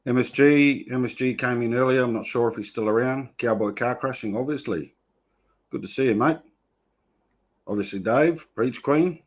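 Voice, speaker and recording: An Australian man runs a casual live stream, calling out viewers' names with easy, friendly mateship. His voice sits at an everyday middle pitch, and he sounds relaxed and unhurried between greetings. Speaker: host. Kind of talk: casual livestream chat.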